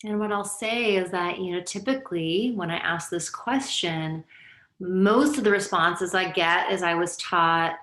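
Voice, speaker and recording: A middle-aged woman, a yoga teacher and therapist from Lebanon, giving a reflective teaching talk with personal stories in a conversational, gently guiding way. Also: fairly low pitch, measured pace, roomy sound, poor audio.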